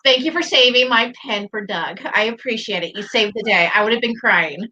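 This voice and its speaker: A woman's voice: on the high side, brisk, bright, forceful tone, dull audio. A woman co-hosting a casual morning livestream, giggly, playful and self-deprecating. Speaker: co-host.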